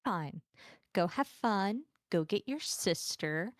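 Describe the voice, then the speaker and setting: A woman voicing a whiny, clingy tavern companion who whines in a high, pleading voice. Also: expressive, slow pace, no room sound, studio quality. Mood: sulky. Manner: whining, pleading.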